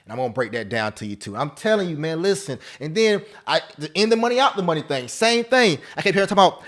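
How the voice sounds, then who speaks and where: A man teaching a live options trading class, excitable and repetitive, talking straight to his viewers and breaking into snatches of song. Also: high-pitched, fast, hardly any pauses. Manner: sings snatches of love songs.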